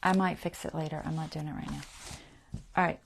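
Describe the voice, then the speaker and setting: A woman chats her way through a sewing project on a livestream, dropping into half-whispered asides and teasing herself over small mistakes. Her voice sits mid-range with a gravelly edge, picked up on a clip-on mic. Faint clicks from a sewing machine run underneath. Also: low voice, level tone, a little fast, slight background noise. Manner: self-deprecating, talks to herself while sewing. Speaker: craft channel host. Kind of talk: casual livestream crafting talk.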